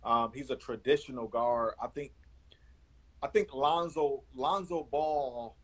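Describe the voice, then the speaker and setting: Husky guy in his 40s talking hoops, says things twice, laid-back chat. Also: mid-range voice, unhurried, poor audio. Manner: repeats words, animated storyteller. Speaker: basketball scout and analyst. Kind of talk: casual interview chat.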